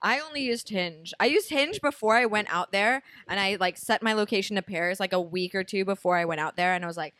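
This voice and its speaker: A woman's voice: mid-range voice, fast, few pauses, fairly bright tone, no echo. A young woman co-hosting a podcast, telling candid stories bluntly. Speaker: podcast co-host. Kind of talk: casual chat.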